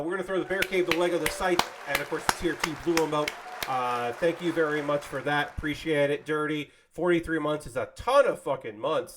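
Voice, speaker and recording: Male streamer, casual swearing chatter, voice sits a bit high, thanks chat as he builds. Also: a bit bright. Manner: rambling and conversational, swears casually; thanks viewers and subscribers by name. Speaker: streamer building LEGO sets live.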